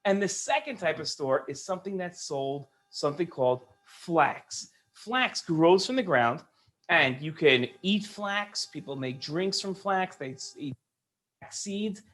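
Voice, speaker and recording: Male storyteller for children, high voice, lively explaining tone. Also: measured pace.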